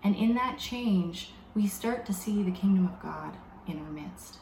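Woman giving a sermon, calm and thoughtful, slows on the big words, echoey room w/ faint hum behind. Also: mid-range voice, creaky. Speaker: preacher.

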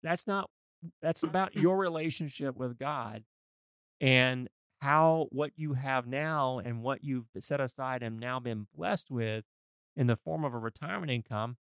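Smooth-voiced man giving earnest financial advice. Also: mid-range voice, a little slow, a bit bright, dry recording, clean studio sound. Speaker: financial advisor and show host. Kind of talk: conversational podcast discussion.

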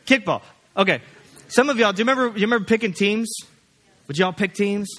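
A pastor preaching a sermon in a folksy, rambling storytelling way, full of fillers and restarts. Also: male voice, high voice, animated, a little fast, a bit bright.

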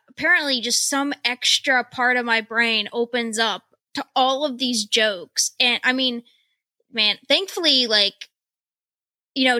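Bright-voiced rambling podcast co-host woman. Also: on the high side, no room sound. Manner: rambling, self-mocking storyteller. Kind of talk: casual chat.

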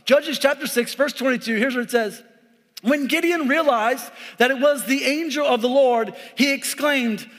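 Male pastor, 40s, very high voice, casual joking sermon in a big reverberant hall. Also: normal speed, a bit bright. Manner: joking, conversational preaching with frequent "all right?". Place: church sanctuary.

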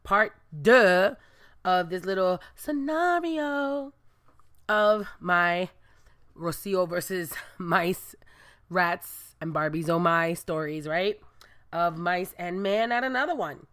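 A young adult woman from Brooklyn, New York, casually telling viewers a story and acting out the dialogue with lively voices. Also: on the low side, takes it slowly. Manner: animated, acts out dialogue with voices. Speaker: storyteller vlogger.

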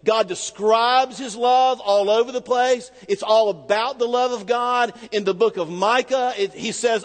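A man preaching a sermon, telling a personal story in a conversational way and slowing down hard for emphasis. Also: very high-pitched, steady tone, big-room sound. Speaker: pastor.

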